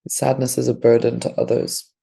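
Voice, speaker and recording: Raspy woman sharing candidly. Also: extremely low pitch, completely flat delivery, normal speed, warm tone. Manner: open and vulnerable, laughs self-consciously. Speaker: podcast co-host taking part in a live demo.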